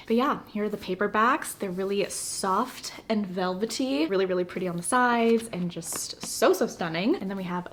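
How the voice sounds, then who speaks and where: Excitable young woman gushing over books. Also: mid-range voice, moderate pace, few pauses. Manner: gushing, excitable, chatty with fillers. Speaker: book vlogger. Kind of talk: casual reading vlog chat. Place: room at home.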